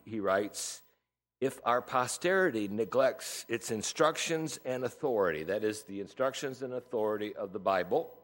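A man in his sixties preaching a sermon from the United States, earnest and emphatic, stressing each point. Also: on the low side. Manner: earnest, emphatic, piling up statistics and quotes.

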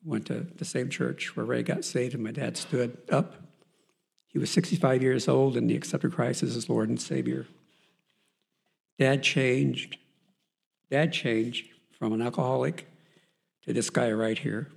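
A man gives an earnest personal Christian testimony, telling his faith story while often pausing on fillers and restarting sentences. His ordinary-pitched voice is gravelly and husky, with fairly even intonation.

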